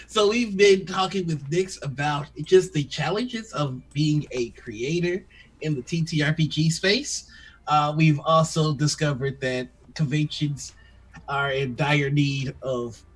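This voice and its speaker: A man's voice: on the high side, slow, husky, poor audio. A man hosting a casual interview chat, upbeat and laughing often. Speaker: host.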